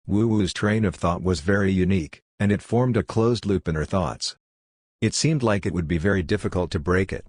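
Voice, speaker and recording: Audiobook narrator, male, low voice, dry and close. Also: moderate pace, a little mellow, no room sound. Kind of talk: scripted narration.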